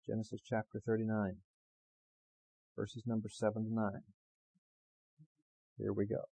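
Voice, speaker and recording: A man preaching a sermon, moving from calm storytelling to loud, impassioned preaching that repeats phrases for emphasis. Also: lowish voice, unhurried, creaky, slightly rough, rough recording. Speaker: pastor.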